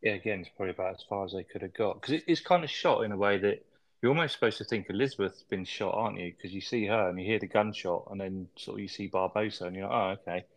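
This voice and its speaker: A man's voice: on the low side, quick pace, dry recording. A man chatting casually about a film, laughing often and hedging with fillers. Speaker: podcast co-host. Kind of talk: casual film review chat.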